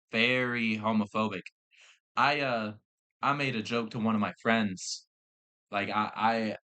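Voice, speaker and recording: A man's voice: fairly low pitch, sharp tone. A young man, hosting a podcast and telling rambling stories full of swearing and fillers. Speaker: podcast host. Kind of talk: casual storytelling chat.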